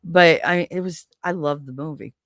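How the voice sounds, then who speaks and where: Lower-voiced woman host chatting on stream, laughs a lot, dry close sound. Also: moderate pace, no echo. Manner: animated storytelling, laughs often. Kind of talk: casual chat.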